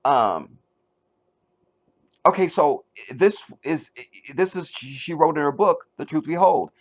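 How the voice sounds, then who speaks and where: A middle-aged man hosting a commentary show, reading an article aloud and mocking it with sarcasm, jumping between loud outbursts and low mutters. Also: expressive, slow pace. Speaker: commentary channel host.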